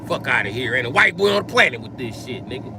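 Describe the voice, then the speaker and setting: A man's voice: mid-range voice, very animated, quick pace, noisy background. A man ranting on a livestream to his viewers, confrontational and swearing heavily. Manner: profane, confrontational, heavy swearing.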